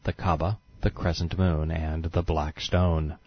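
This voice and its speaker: Male documentary narrator, very deep, sarcastic and scornful, dull dry audio. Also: level tone, unhurried, breathy edge, dry recording. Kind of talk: scripted narration.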